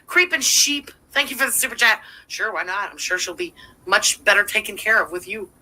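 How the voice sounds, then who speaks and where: A woman's voice: medium pitch, expressive, brisk, pushed and bright, rough recording. A woman hosting a livestream, giving profane, sarcastic running commentary while thanking viewers. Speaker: livestream host.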